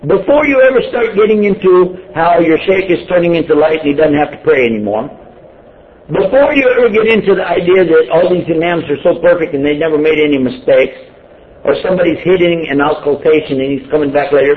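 A Muslim preacher gives an informal sermon, joking conversationally and putting questions to his audience. His voice is fairly high, expressive and fairly quick, and the recording sounds tinny and phone-like with faint noise.

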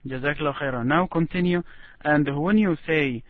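A man's voice: fairly high pitch, no echo. Patient male recitation teacher over a tinny call. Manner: patient, slow, demonstrates words drawn out. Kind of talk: one-on-one recitation lesson. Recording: tinny phone-like line.

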